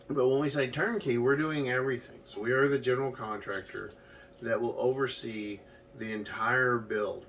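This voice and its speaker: Man, gravelly low voice, home builder, plain-spoken casual talk, distant mic, faint background noise. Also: a bit bright. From Florida. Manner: plain-spoken, conversational, uses fillers.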